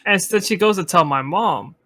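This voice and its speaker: A man's voice: high voice, animated, moderate pace, bright, forceful tone. A young man co-hosting a podcast, telling rambling stories in casual chat, swearing freely and laughing often. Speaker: podcast co-host.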